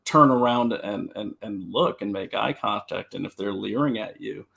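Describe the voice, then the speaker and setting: A man with a rough, gravelly voice talks through safety tips on a live stream. He tells stories with energy and often trips over his first words before he gets going. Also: on the low side, normal speed. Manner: animated storyteller, repeats words when starting. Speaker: security consultant. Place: home, talking to a computer.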